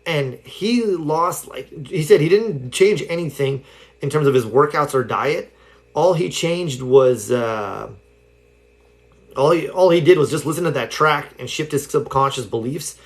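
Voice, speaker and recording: Unhurried yet animated, a man with a somewhat high voice shares a casual self-help talk on a home livestream. His storytelling drifts along loosely, filled with "like" and "you know."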